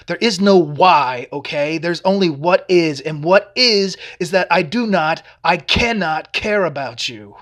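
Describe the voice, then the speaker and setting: A man's voice: fairly high pitch, lightly acted. A man reading his own novel, voicing a callous, sardonic man who talks with cold contempt.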